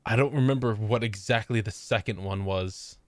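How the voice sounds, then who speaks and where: A man co-hosting a casual podcast chat, animated and quick to put on silly high voices and laugh. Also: no room sound. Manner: animated, breaks into high-pitched impressions and laughter. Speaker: podcast co-host.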